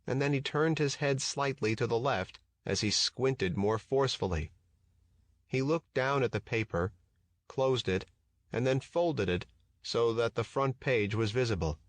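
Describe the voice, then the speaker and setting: A man narrating a first-person memoir audiobook in a measured, even reading. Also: fairly low pitch.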